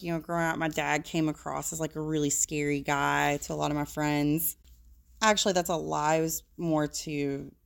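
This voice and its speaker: A woman's voice: sits low, vocal fry, smooth. A woman working as a social worker, talking frankly and casually about emotions, with the odd swear word.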